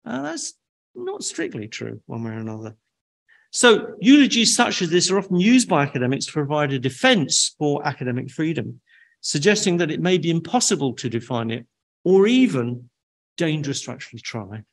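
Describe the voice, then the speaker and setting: An older man giving an academic lecture in a measured, deliberate way, with dry asides. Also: fairly high pitch, sing-song, creaky. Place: lecture hall.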